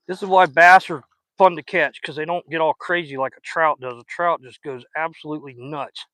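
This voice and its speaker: A man's voice: on the high side, steady tone, moderate pace, pushed and bright, dry recording. A man, chatting folksy and casual while fishing outdoors on a riverbank and recording on a phone, sweet-talking the fish he catches. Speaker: fishing vlogger.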